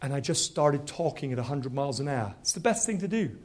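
A man from Nigeria preaching a sermon, telling a story quickly and animatedly, then dropping to quiet, earnest exhortation. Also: on the high side, lively intonation.

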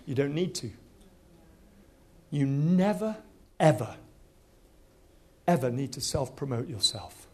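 A man from Nigeria preaching a sermon, telling a story quickly and animatedly, then dropping to quiet, earnest exhortation. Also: fairly high pitch, sing-song.

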